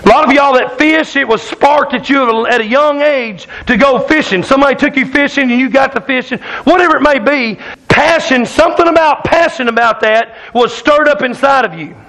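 A man's voice: very high voice, a little fast, hardly any pauses, pushed and bright, rough recording. A man preaching a sermon in a church, telling a folksy hunting story that keeps the congregation laughing. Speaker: pastor. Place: church sanctuary.

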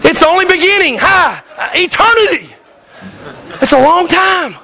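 A man's voice: extremely high pitch, animated, moderate pace, pushed and bright. A male pastor preaching a fiery sermon in church, hollering and calling out to the congregation. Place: church sanctuary.

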